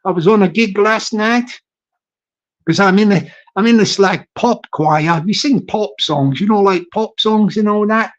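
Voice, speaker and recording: A man's voice: sits high, measured pace, lo-fi sound. A Scottish man live-streaming from his phone, chatting jokily in a put-on American accent and repeating his phrases. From Scotland. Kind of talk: casual live-stream chat.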